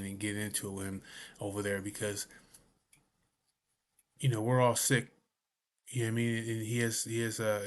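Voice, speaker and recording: A man's voice: medium pitch, a bit bright. A man telling a personal story to camera in a casual, blunt way, swearing often and asking "you know what I mean". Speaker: vlogger.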